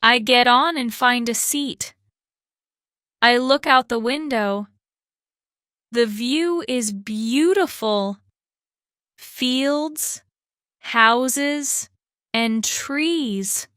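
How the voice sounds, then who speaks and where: A woman hosting a podcast, reading a slow English lesson in short, careful sentences. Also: on the high side, a bit bright, clear, resonant tone, no room sound, studio quality. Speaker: podcast host and English teacher.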